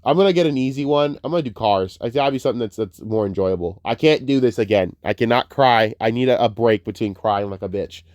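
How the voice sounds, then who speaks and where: A man's voice: medium pitch, quick pace, hardly any pauses, a little mellow, dry recording, dull audio. A man giving a casual, rambling movie review, emotional and tearful, swearing freely as he talks. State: tearful, crying.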